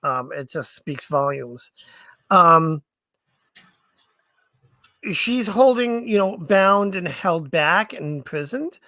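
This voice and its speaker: A woman's voice: on the low side, lively intonation, takes it slowly, long pauses, fairly bright tone, no room sound. A woman hosting a stream, giving a chatty, encouraging tarot reading with lots of fillers. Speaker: tarot reader and stream host.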